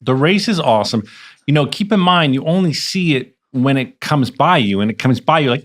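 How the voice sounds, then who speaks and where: A man co-hosting a podcast in relaxed casual chat, prompting his co-host and adding his own remarks. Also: mid-range voice, moderate pace.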